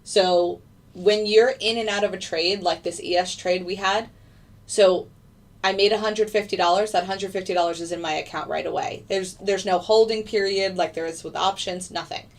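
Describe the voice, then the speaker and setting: A woman's voice: mid-range voice, fairly even intonation, moderate pace, recorded from a distance. A young woman hosting a casual trading livestream, chatting loosely with many fillers as she answers viewer questions. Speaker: livestream host, futures day trader.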